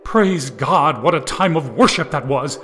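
Fields: a man voicing a televangelist, high pleading sermon voice. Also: expressive, unhurried, sharp tone. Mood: preaching. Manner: preachy, rising fervor, pleading. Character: fervent male TV preacher, tearful, pleading for donations.

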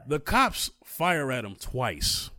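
A man's voice: medium pitch, very animated, takes it slowly, pushed and bright, dry recording, clean studio sound. A man co-hosting a casual talk, recounting a story at length and growing emphatic as he goes. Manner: storytelling, grows heated and emphatic. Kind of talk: casual conversation.

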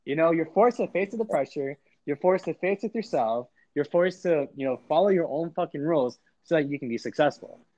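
Brief: male guest, calm and reflective, mid-pitched voice, slightly muffled lo-fi audio. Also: fairly quick, few pauses, no echo. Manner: reflective, motivational, casual swearing. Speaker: podcast guest. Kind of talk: casual podcast chat.

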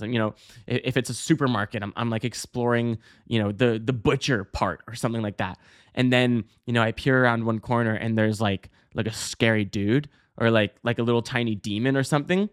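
Male podcast host, mid-pitched, rambling casual storyteller, swears freely, yelps high when acting out scenes. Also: smooth. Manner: rambling, many fillers and restarts, swearing.

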